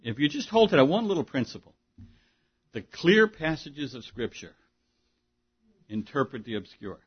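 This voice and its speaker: A man delivers a sermon in a husky, slightly high voice. He preaches emphatically but conversationally, breaking off for asides and rhetorical questions. The recording sounds dull and lo-fi. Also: sing-song, moderate pace. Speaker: pastor.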